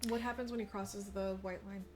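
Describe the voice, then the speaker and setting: A woman's voice: mid-range voice, steady tone, fairly quick, faint music behind. A woman podcast co-host who answers a story with short shocked interjections. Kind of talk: casual chat reactions.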